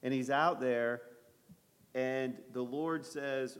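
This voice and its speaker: A man's voice: medium pitch, fairly even intonation, takes it slowly, slight background noise. Man teaching a Bible study in a hall. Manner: conversational, asks the group questions.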